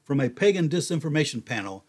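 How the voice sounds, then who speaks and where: An older man giving a folksy, conversational Bible teaching, animated when he quotes others. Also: a little high, fast, slightly rough.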